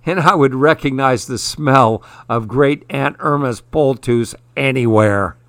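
A man's voice: medium pitch, unhurried, fairly bright tone, no room sound, natural voice. A man voicing a teasing, joking father in a storybook. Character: teasing laughing dad.

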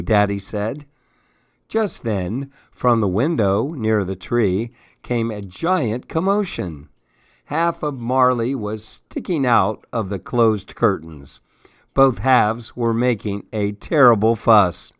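A man's voice: medium pitch, slow, fairly bright tone, no echo, studio quality. A man hosting a children's story hour, reading a storybook aloud with expression. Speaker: radio story-hour host.

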